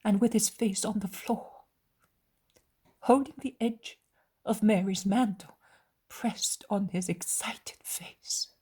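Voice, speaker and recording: A woman narrating an audiobook in a hushed, slow, solemn whisper. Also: medium pitch, fairly even intonation, slightly rough.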